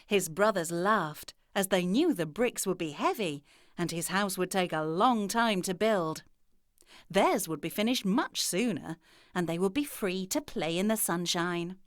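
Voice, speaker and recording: A woman narrating children's fairy tales in an expressive storytelling manner. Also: on the low side, measured pace, no room sound, clean studio sound.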